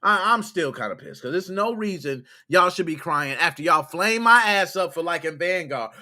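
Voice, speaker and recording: A man's voice: sits high, lively intonation, normal speed, few pauses, pushed and bright. A man hosting a gaming podcast, ranting in a heated, exasperated way, scolding his listeners in casual slang with plenty of cursing. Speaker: podcast host.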